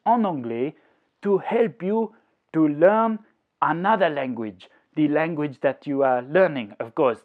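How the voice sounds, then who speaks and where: A man's voice: a little high, narrow, tinny audio. Man hamming up a fake French accent. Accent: deliberately exaggerated put-on French accent. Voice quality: hammy mock-French delivery. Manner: mixes French phrases into his talk and explains in simple steps. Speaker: language-learning vlogger. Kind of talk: playful language-learning vlog.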